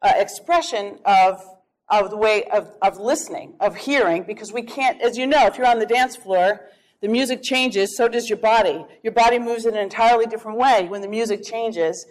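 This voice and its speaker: Woman presenter, a touch high-pitched, spins an anecdote in a lively way to illustrate her talk. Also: moderate pace. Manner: lively anecdotal storytelling with chuckles. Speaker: workshop speaker. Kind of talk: storytelling lecture.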